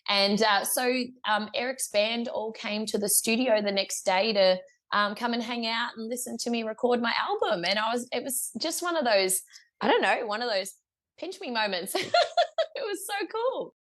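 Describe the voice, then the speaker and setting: A woman's voice: fairly high pitch, normal speed, fairly bright tone. A young woman with an Australian accent, a guest musician telling a story in a casual interview, chatty, laughing often, with lots of fillers and restarts.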